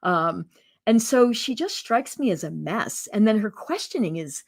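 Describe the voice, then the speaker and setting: An animated woman guest in a casual interview on a video call. Her voice sits at a mid pitch and carries an incredulous edge as she talks. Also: unhurried, creaky. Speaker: guest commentator.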